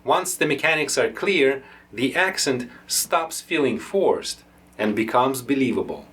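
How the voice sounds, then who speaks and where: Slow, deliberate male dialect coach. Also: medium pitch, expressive, a bit bright, slight background noise. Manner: deliberate, teacherly. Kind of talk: instructional explanation.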